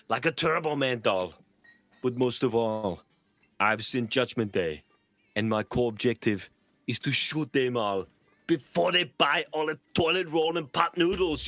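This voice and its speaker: A man's voice: mid-range voice, fairly bright tone, no echo, lightly acted. A man doing a comedy impression of a bossy Austrian-accented action-star security guard, barking orders.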